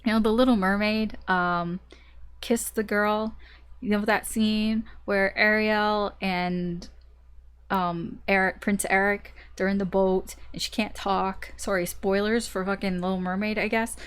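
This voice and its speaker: A woman doing a casual tarot reading, chatty and animated, who laughs often and swears casually. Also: medium pitch, a little slow, clean tone. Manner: animated storytelling. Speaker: tarot reader.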